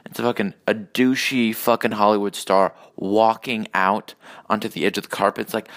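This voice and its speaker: A man with a lowish voice rants alone on his podcast. He swears freely, trails off, restarts, and drifts from one aside to the next with a sarcastic edge. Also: flat delivery, normal speed, fairly bright tone. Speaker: podcast host. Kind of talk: solo ranting monologue.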